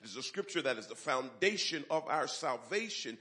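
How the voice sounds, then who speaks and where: A pastor preaching a sermon in a church, leading the congregation in call-and-response and rising loud on key phrases. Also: male voice, mid-range voice, lively intonation, a little fast, few pauses. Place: church sanctuary.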